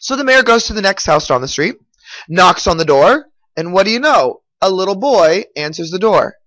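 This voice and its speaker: Animated male teacher telling a story. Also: high voice, moderate pace, no echo, rough recording. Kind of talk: storytelling to students.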